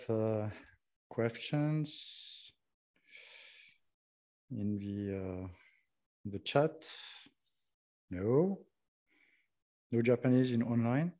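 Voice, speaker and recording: A man's voice: mid-range voice, very slow, pauses often, darkish tone. A man chairing a conference session. He invites questions hesitantly, with many fillers.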